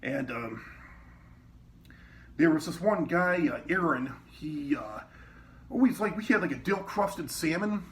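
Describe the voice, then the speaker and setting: A man with a fairly high voice tells loose, rambling stories from his years in a restaurant kitchen. He swears a lot and keeps breaking into other people's lines. The mic sits some way off and picks up a faint hiss. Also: animated, measured pace, long pauses. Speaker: former cook telling work stories. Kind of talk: casual storytelling. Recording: distant mic with faint background noise.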